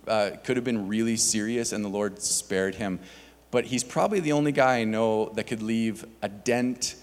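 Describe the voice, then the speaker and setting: A man on a church staff giving casual announcements to the congregation, with many filler words. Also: fairly low pitch. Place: church sanctuary. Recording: long hall reverb.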